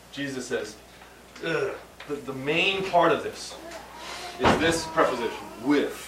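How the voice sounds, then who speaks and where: A man preaching a sermon, halting and repeating words, then rising to emphatic peaks. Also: mid-range voice, fairly bright tone. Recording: roomy sound from a distant mic with faint background hum.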